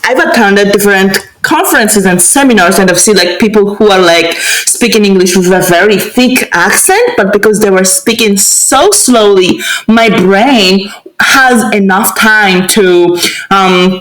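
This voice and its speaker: A woman's voice: medium pitch, a little slow, a bit bright. A woman hosting a casual conversation, speaking hesitantly with many fillers. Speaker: host. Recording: echoey room.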